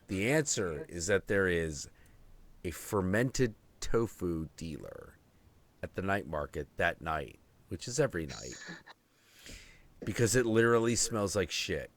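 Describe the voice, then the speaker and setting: A man hosting a live stream, telling a story in a profane, jokey, animated way over a video call microphone. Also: sits low, measured pace, dry recording. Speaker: host.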